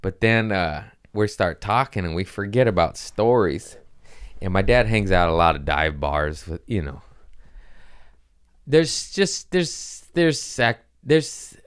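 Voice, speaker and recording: A man's voice: sits low, very animated, slow pace, clean tone. A man hosting a podcast, telling rambling stories in a laid-back way, with swearing. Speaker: podcast host, comedian. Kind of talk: casual storytelling chat.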